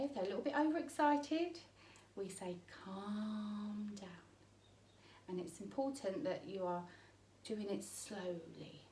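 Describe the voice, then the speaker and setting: A woman's voice: mid-range voice, darkish tone, a little hiss or hum. A woman teaching parents basic home signs, explaining each one patiently and often checking in with "okay?". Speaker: sign language teacher. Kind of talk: instructional demonstration for parents. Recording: roomy echo, mic at a distance.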